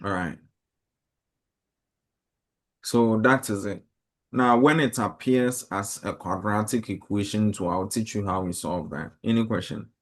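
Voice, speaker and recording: A man with a lowish voice leads a classroom math lesson. He explains each step plainly and keeps asking the class questions. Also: measured pace, long pauses. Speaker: teacher.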